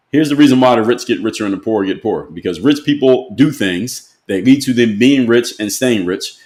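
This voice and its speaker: A man delivering a blunt, emphatic opinion monologue as a motivational speaker, lecturing his audience directly. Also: medium pitch.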